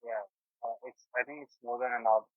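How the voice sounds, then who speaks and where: A man's voice: medium pitch, steady tone, fairly quick, no room sound, narrow, tinny audio. A man co-hosting a podcast, polite and a little hesitant. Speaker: podcast co-host. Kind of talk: casual chat.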